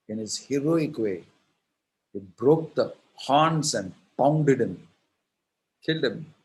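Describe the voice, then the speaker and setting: Indian monk telling a lively story. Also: male voice, mid-range voice. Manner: animated storytelling, acts out characters. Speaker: monk and preacher. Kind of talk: devotional storytelling sermon.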